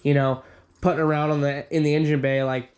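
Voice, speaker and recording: A man's voice: a little high, level tone, quick pace, a little mellow. A man co-hosting a car garage vlog, rambling casually and swearing now and then as he talks shop. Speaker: co-host of a car garage channel. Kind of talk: casual chat. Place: home garage.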